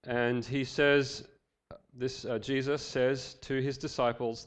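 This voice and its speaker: A man's voice: mid-range voice, steady tone, measured pace, highs cut off. A male pastor preaching a sermon, reading scripture with voiced quotes and joking asides.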